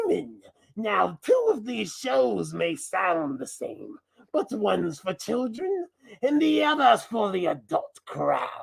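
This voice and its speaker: A gravelly, slow-talking mask persona, put on by a man, full of mischief and theatrical delivery. His voice swings widely up and down as he hosts in a review show's chatty format. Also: high-pitched, full character voice. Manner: theatrical, giggling between lines. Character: mischievous male mask persona hijacking the channel. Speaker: review show host.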